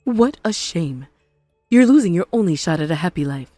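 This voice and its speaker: A woman voicing a spiteful, possessive mother-in-law in an animated story, scornful and melodramatic. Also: on the low side, normal speed, no room sound, faint music behind. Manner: scornful, melodramatic, self-pitying.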